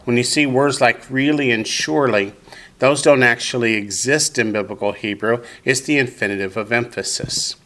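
A male Hebrew teacher leads a classroom lesson built on call-and-response, explaining slowly and deliberately and having the group repeat words. His voice is mid-range and fairly bright.

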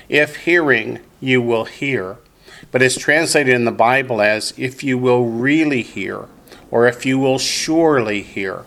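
Man, teacher, mid-pitched, steady and deliberate classroom delivery. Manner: slow, deliberate explanations, leads group repetition. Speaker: Hebrew teacher. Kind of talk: classroom lesson with call-and-response.

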